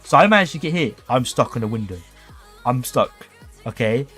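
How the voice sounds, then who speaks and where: A man's voice: medium pitch, expressive, moderate pace, a bit bright, husky, faint music behind. A man telling a cheeky story on a livestream, keeps checking in with "okay?". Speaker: streamer.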